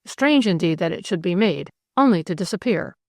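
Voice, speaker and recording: A woman's voice: fairly low pitch, expressive, normal speed, no room sound, studio quality. A woman voicing a genteel older male country vicar who speaks earnestly and exclaims easily. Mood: fussy.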